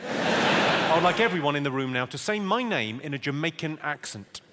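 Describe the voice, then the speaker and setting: A southern English man doing stand-up comedy, his fairly high voice swooping up and down as he lands dry, deadpan one-liners. He teases the crowd with a sly edge. The live recording is buried under loud background noise. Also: normal speed. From England.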